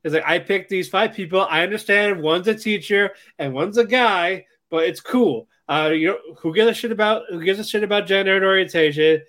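A man's voice: high-pitched, a little fast, hardly any pauses, fairly bright tone. A young man co-hosting a podcast, joking and laughing through casual banter. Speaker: podcast co-host. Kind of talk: casual chat.

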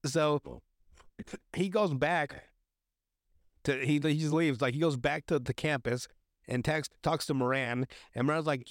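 Give me a foul-mouthed young male podcast host with a slightly high voice, rambling and restarting, recorded dry and close. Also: steady tone, a little slow, pauses often, no room sound. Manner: crude, swears often, rambling with many restarts. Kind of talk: casual chat recapping a TV episode.

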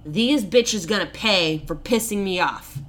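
A woman playing a nasty old ogre queen mother, all crude threats and put-on grief. She schemes out loud and swears freely, her voice sitting bright and forward. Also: medium pitch, a little slow, natural voice. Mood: vengeful. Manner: crude and vengeful, with fake sorrow.

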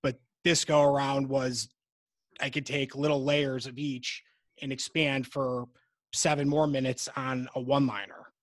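A man hosting a podcast, talking in a relaxed, conversational way. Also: medium pitch, measured pace, no echo. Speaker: podcast host. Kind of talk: casual podcast interview.

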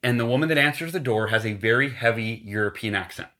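A fast-talking man with a mid-range voice, appearing as a guest on a podcast, tells a motivational sales story. He's animated and acts out the quoted lines as he goes.

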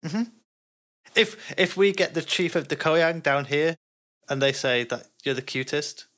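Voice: medium pitch, unhurried, fairly bright tone. A player in a tabletop role-playing game who keeps pressing questions in a persistent way.

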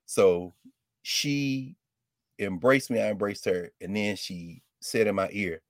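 A man talking in an impassioned casual conversation, swinging from loud outbursts to low murmurs, laughing often and cursing. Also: sing-song, normal speed, no room sound, studio quality. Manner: uses street slang and curses.

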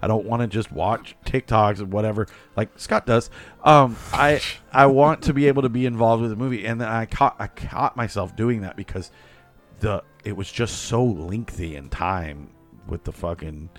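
A man's voice: fairly low pitch, normal speed, soft background music. A man in a casual movie discussion, rambling and restarting often, with exasperated asides. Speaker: podcast co-host.

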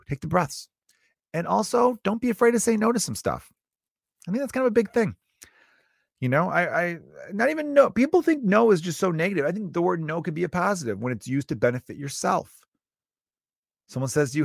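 A man in his thirties riffs about fatherhood in a loose comic monologue, swearing freely and acting out little scenes. His pitch jumps around a lot as he tells it. The recording is dry and close, with no room sound. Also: fairly quick, vocal fry, no room sound. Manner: animated storyteller, swears freely, acts out his kids. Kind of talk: casual comedic monologue.

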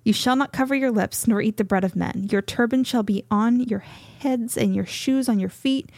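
A woman's voice: fairly high pitch, no echo. Breathless woman reading scripture aloud. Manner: measured, steady scripture reading. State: a little out of breath.

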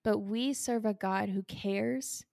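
Woman podcaster opening up about her struggles, earnest and teary, flat-ish delivery, dry close sound. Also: medium pitch, slow, gravelly, no echo. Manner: earnest and confessional, near tears at times. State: emotional, holding back tears. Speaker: podcast host. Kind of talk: personal faith podcast talk.

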